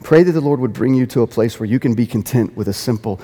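A man's voice: medium pitch, quick pace, dark tone, slightly rough. Earnest preacher man in a reverberant hall. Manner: earnest, repeats phrases for emphasis, rises to quoted dialogue. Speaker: pastor. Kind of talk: sermon.

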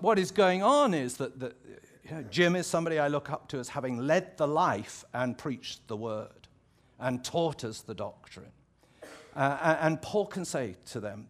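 A man with an English accent, a pastor preaching a sermon in a conversational, reflective way, often restarting his phrases and adding asides. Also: a little high. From England.

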